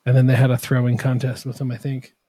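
A man's voice: medium pitch, monotone, fast talker, warm tone, breathy edge, no echo. A man, a guest on a podcast who builds machine tools, talking in a rambling, self-deprecating way full of fillers. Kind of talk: casual podcast chat.

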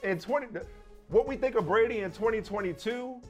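A man co-hosting a sports talk show, talking casually in an animated, slangy, emphatic way. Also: high-pitched, a little fast, faint music behind. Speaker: sports podcast co-host. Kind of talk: casual chat.

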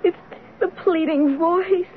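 High, pleading teen girl, scared, tinny radio-play sound. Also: slow, slight background noise. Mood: anxious. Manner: pleading, anxious. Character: frightened feverish teenage girl, earnest. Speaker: teenage daughter. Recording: tinny 1970s radio broadcast.

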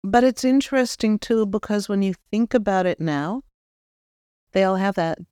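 A woman's voice: medium pitch, normal speed, mellow, clear, resonant tone, dry recording, clean studio sound, close to an everyday voice. A woman medium speaking as the spirit of a cocky, loving young man, earnest and reflective, with some self-mocking jokes. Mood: playful. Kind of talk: channeled spirit talk.

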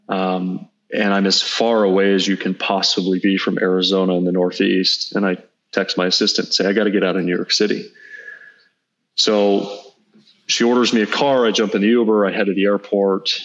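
A man in his thirties speaks low, with a gravelly edge of vocal fry. He tells a personal story in an earnest, halting way, restarting small phrases as he goes. The audio is slightly dull and lo-fi. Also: fairly bright tone. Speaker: guest entrepreneur. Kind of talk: reflective storytelling in an interview.

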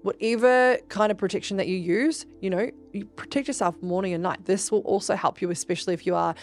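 A woman hosting a podcast, telling spiritual stories in a casual, animated way, swearing freely and speaking straight to her listeners. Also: mid-range voice, brisk, soft background music. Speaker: podcast host.

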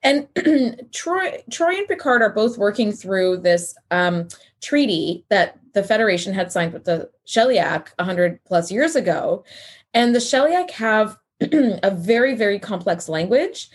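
A woman's voice: mid-range voice, animated, unhurried, breathy edge. A woman co-hosting a podcast in casual, enthusiastic chat, swearing now and then. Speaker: podcast co-host.

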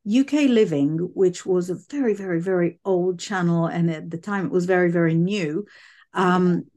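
A woman from the UK with a quirky, unusual voice, chatting loudly as a guest over a video call. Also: on the low side, normal speed. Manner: loud, chatty, laughs often. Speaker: guest psychic medium. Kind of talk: casual interview chat.

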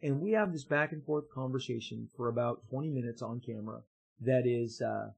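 A man, a comic book artist, telling an anecdote to his viewers in an excitable way, stumbling and repeating words as he goes. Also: medium pitch, a little fast, vocal fry, breathy edge, rough recording. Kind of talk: casual storytelling to viewers.

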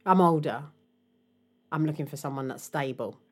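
Podcast co-host: young woman, lowish voice, animated, acts out what people said. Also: normal speed. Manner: animated, laughing, acts out quotes. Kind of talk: casual chat.

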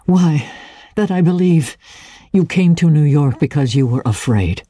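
A woman's voice: low voice, expressive, measured pace, mellow, breathy edge, dry recording, heavily acted. A woman reading aloud, voicing a young man who is an impatient, passionate lover and presses with urgent questions.

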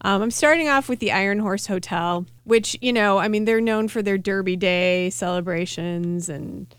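A woman's voice: medium pitch, moderate pace, clear, resonant tone, no echo. A woman co-hosting a casual radio food chat, wry and chatty, often restarting her sentences. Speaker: co-host, food writer.

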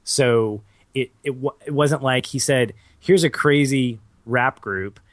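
A man's voice: mid-range voice, slow pace, no room sound. Thoughtful man on a movie podcast. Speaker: podcast co-host. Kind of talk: casual movie review chat.

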